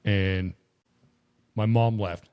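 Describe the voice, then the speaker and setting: A man's voice: on the low side, fairly even intonation, extremely slow, darkish tone, smooth. A man co-hosting a podcast, telling long, profane stories in casual chat. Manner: profane, rambling storyteller. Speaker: podcast co-host.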